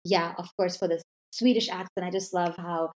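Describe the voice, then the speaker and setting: A woman's voice: on the low side, steady tone, normal speed. A woman hosting a podcast interview, chatting casually and asking long, rambling questions. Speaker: podcast host.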